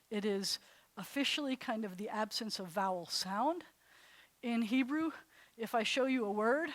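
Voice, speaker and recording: A woman rabbi teaching a live class, chatty and animated, laughing at herself as she demonstrates sounds. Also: fairly high pitch, no echo. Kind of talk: classroom lesson. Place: congregation classroom.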